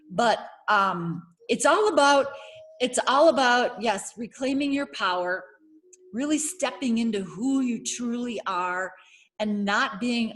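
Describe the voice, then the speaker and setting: Slow-talking woman reading oracle cards. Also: medium pitch, a little hiss or hum. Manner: slow, searching, with many fillers and restarts. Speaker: oracle card reader and heart coach. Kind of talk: casual spiritual card reading. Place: home setting.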